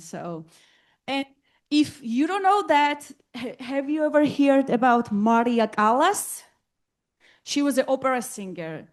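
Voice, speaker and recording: A woman from Georgia speaks with a Georgian accent in a fairly high voice. She gives a conversational presentation to a live audience and keeps quizzing her listeners with questions. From Georgia (country). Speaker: guest speaker, journalist.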